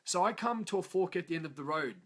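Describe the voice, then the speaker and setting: A fast-talking Australian motivational vlogger with a high-pitched, animated voice recounts his own story. His telling is a raw, profane, emotional confession peppered with "yeah?" tags.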